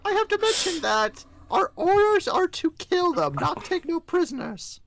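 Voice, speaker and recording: A man putting on a high, squeaky character voice for a party member who insists on following orders in a tabletop game. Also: very animated, moderate pace, creaky, a bit bright, slight background noise, full character voice. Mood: fussy. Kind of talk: tabletop role-play over voice chat.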